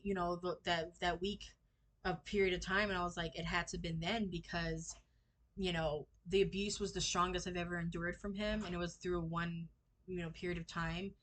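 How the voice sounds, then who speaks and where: A young woman telling a personal story in a casual vlog, halting and full of fillers, acting out what people said to her. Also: lowish voice, fairly bright tone. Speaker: vlogger sharing a personal story.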